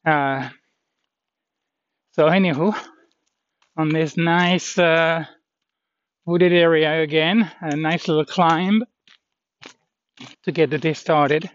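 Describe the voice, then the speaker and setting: A man walking outdoors on a hilly trail, talking in a rambling, halting way with lots of fillers as he vlogs his pilgrimage. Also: a little high, fairly even intonation, dry recording. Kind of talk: casual walking vlog. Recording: dull lo-fi with faint noise.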